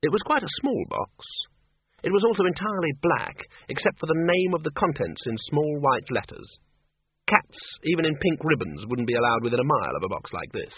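A man narrating an audiobook with a wry, expressive delivery. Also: on the high side, fairly quick, breathy edge, no echo. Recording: dry, tinny phone-like audiobook.

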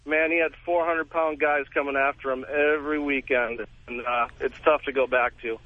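A man's voice: a little high, fairly even intonation, moderate pace, no echo. A man from Wisconsin calling a radio show, friendly and rambling. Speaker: caller. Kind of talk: phone-in call to talk radio. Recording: tinny phone line.

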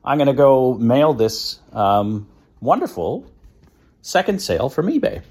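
Out on a walk with his dog, a podcast host rambles through his show with plenty of fillers and laughs, a bit winded as he goes. His mid-range voice is very animated yet a little slow, with a darkish, breathy quality and no echo. The field recording picks up noise, the dog, and the surrounding outdoors.

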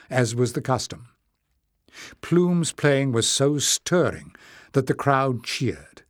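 A man reading a fantasy audiobook as narrator, in a measured storytelling delivery. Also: medium pitch, dry recording, clean studio sound.

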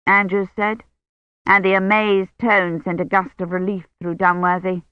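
An audiobook narrator reading a novel in a measured, even manner. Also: medium pitch, smooth, no room sound. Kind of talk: scripted narration. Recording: dry, dull lo-fi sound.

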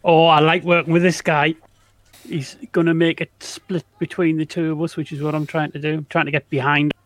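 A man's voice: fairly high pitch, level tone, a little fast, no room sound. Man playing a tactical game, dry sound. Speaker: player.

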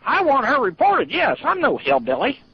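A man with a very high, lively voice talks on a dull, lo-fi phone line. He sounds confused and quick to take offense, pressing his complaint in a flat drawl. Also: gravelly, a little hiss or hum. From Fort Wayne, Indiana, United States. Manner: indignant, easily offended, confused. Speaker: hotel guest being prank-called. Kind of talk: phone conversation.

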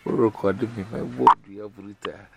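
A very low, gravelly man rambles casually in broken pidgin English, laughing as he talks. The call recording is swamped by loud noise throughout. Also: little pitch movement, moderate pace. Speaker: caller. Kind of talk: casual chat.

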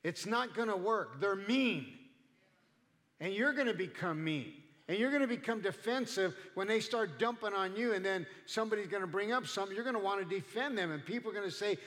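A man's voice: high voice, a bit bright, long reverb tail. A male pastor preaching a sermon in a conversational way, acting out the people he quotes. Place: church.

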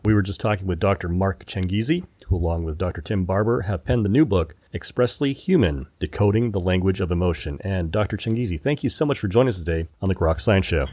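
A male radio show host thanking a guest in a brisk, formal way. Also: sits low, darkish tone, slightly rough, no echo. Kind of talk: scripted outro.

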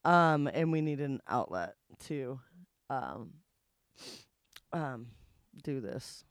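A woman's voice: very deep voice, lively intonation, extremely slow, dry recording, clean studio sound. A woman co-hosting a podcast in casual chat, who swears freely, laughs a lot and trails off with ums. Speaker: podcast co-host.

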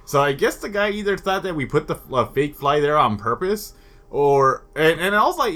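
Bright-voiced man ranting crudely. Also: on the high side, a little fast. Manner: rambling, profane, deadpan jokes. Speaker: podcast co-host. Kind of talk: casual crude comedy chat. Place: California.

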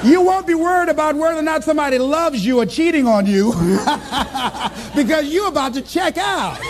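Male motivational speaker, very high and animated voice, storytelling with shouts. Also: quick pace, crowd noise, background noise. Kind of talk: motivational speech to a live audience.

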